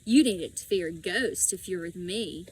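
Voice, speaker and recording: A woman's voice: fairly low pitch, takes it slowly, darkish tone, distant mic, a little hiss or hum. A woman voicing a cheerful, confident boy with a jaunty, chummy way of talking.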